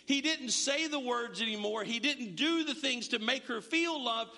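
A man's voice: very high-pitched, normal speed, vocal fry, long reverb tail. A male pastor preaching a conversational sermon, acting out little dialogues and asking the congregation questions. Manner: animated, conversational, acts out dialogues.

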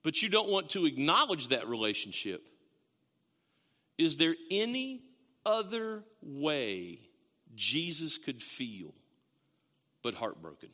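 Animated fifty-something pastor in a reverberant hall. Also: male voice, on the high side, takes it slowly, long pauses. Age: 50s. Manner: storytelling, animated, self-mocking asides. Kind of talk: sermon. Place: church sanctuary.

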